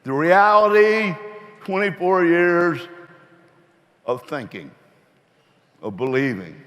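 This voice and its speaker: A man's voice: on the high side, animated, takes it slowly, a bit bright, in a large hall. A middle-aged man gives a rambling, folksy motivational talk to his business's distributors, earnest about belief. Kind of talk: motivational speech with folksy joke.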